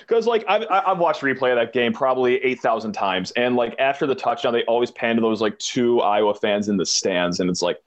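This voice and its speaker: A man's voice: mid-range voice, fairly quick, few pauses, dull audio. A man co-hosting a sports betting podcast, chatting casually, often restarting his sentences and laughing. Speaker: podcast co-host.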